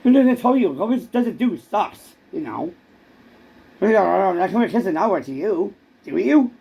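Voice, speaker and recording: A man's voice: high voice, expressive, moderate pace, gravelly, slightly rough, dull audio. A man in a rambling comic monologue who stammers and keeps repeating words.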